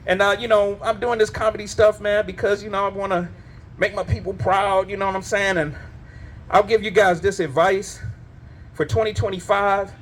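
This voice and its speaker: A man's voice: high voice, flat delivery, moderate pace, a little hiss or hum. A male stand-up comedian doing a live set, telling loose, profane stories full of asides. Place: live comedy show at a winery.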